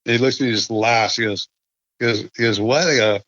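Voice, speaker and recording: A man's voice: lowish voice, steady tone, fast talker, a bit bright, no room sound. Laid-back rambling man, dull remote audio. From California. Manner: rambling, laid-back, many restarts and fillers. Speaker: guest. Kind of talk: casual storytelling.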